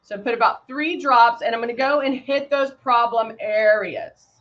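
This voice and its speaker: A woman's voice: fairly high pitch, normal speed, muffled recording. A woman casually demonstrating airbrush makeup on a livestream, greeting viewers by name while she works. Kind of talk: casual live makeup demo chatting with viewers.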